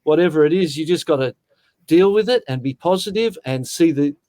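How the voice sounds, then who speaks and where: A man's voice: a little high, animated, fairly quick, mellow. A sixty-year-old Australian man telling stories in a casual interview, talking in an earnest, heartfelt way and often calling the listener mate. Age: 60s. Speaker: guest.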